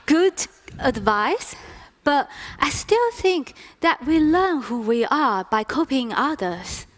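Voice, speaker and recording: A woman from China, a native Chinese speaker, interpreting in English on a lecture stage. Her voice sits a bit high, and she speaks very slowly, setting each phrase apart with care. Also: very animated. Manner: slow, deliberate phrasing. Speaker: performer interpreting in first person. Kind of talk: stage talk.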